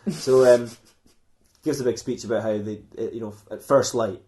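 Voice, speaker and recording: A man's voice: medium pitch, steady tone, moderate pace, darkish tone. A man co-hosting a comedy podcast, telling a silly fan fiction story in a rambling way and laughing often at his own jokes.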